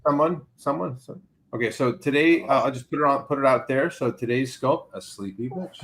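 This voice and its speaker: A man's voice: medium pitch, fairly quick, fairly bright tone. A man co-hosting a casual live online chat, rambling with frequent stammers and restarts. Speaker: co-host, pumpkin carver. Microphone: video call.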